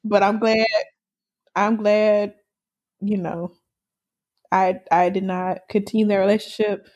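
A woman casually telling a story on a podcast, animated and laughing often, swearing freely. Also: medium pitch, slow pace, dull audio.

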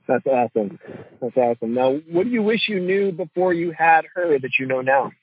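A man's voice: a little high, lively intonation, fairly quick, slightly rough, dry recording, phone-quality sound. A man hosting an interview, asking questions and affirming the guest with short agreements. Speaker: podcast host.

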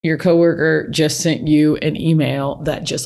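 A frank self-help speaker talking casually in a middle-pitched voice. They speak plainly from personal experience and hammer home key points by repeating them. The delivery is relaxed and conversational, not scripted. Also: unhurried, gravelly. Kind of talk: casual advice talk.

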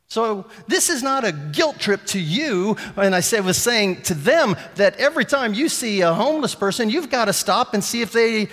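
A man preaching a sermon as a pastor, telling a story and acting out the lines of the people in it, getting louder and quieter as he goes. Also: high voice, big-room sound. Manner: animated, acts out quotes with shifting volume.

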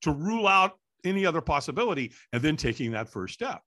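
A middle-aged man, a guest in an interview, telling a story with energy and acting out the voices and shouts of the people in it. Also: on the high side, fast. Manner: lively, acts out quoted voices and shouts. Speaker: interview guest, firewalk instructor.

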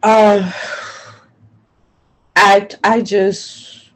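A woman's voice: mid-range voice, level tone, very slow, poor audio. A woman being interviewed, talking in an emphatic, frustrated way and repeating her points. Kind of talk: personal testimony interview.

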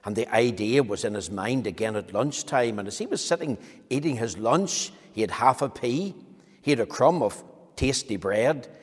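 A man tells a children's story, slow and gentle, his pitch rising and falling in lively swings. His voice is slightly husky, and a long reverb trails after him in the hall. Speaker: children's talk presenter.

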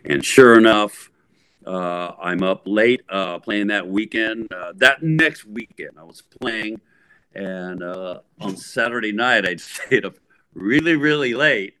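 Taking his time in a lowish, clean-toned voice, a middle-aged musician spins a long, meandering story as a guest in a casual interview. He's animated and keeps restarting his sentences.

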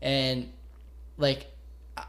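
A man with a gravelly, creaky voice telling a story casually on a podcast. He swears freely and stays animated as he spins the anecdote. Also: medium pitch, very slow. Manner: profane, animated retelling with acted quotes. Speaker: storyteller guest.

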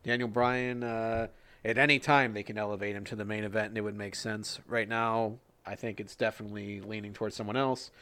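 A man's voice: on the low side, steady tone, fairly quick, sharp tone, smooth, no room sound. Dry-voiced joking male podcast host. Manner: joking, profane, rambling. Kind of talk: casual wrestling chat.

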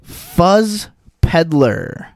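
A man's voice: high voice, lively intonation, very slow, darkish tone, dry recording, studio quality. A young man with a Wisconsin accent co-hosting a podcast, chatting casually and rambling with fillers. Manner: laid-back, rambling with fillers. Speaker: podcast co-host. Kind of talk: casual chat.

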